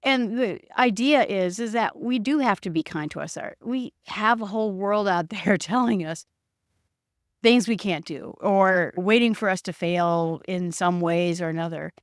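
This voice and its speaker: A woman's voice: medium pitch, a little slow, no echo, studio quality. Reflective woman hosting a solo podcast. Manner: reflective, quotes her own inner voice. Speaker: podcast host. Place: home setup recorded on video.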